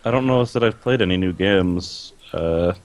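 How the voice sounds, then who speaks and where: A man's voice: deep voice, moderate pace, dry recording. A man chatting casually as a podcast co-host, rambling with lots of fillers and laughing between his words. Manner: rambling, laughs mid-sentence, many "like" fillers. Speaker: podcast co-host and video creator.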